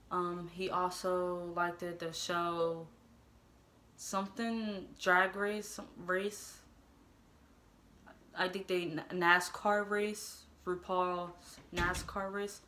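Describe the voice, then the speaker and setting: A young woman delivers a comedic storytime with a flat, unmoving tone and a slow, drawn-out pace. Her voice sits on the low side but sounds bright and sharp. She keeps it deadpan and mock-serious, pausing often. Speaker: storytime vlogger.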